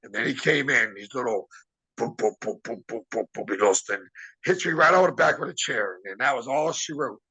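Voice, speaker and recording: Husky-voiced man telling wrestling stories. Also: medium pitch, expressive, brisk, sharp tone, poor audio. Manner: rambling anecdotes, acts out quoted dialogue. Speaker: interview guest, former wrestler. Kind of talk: casual storytelling.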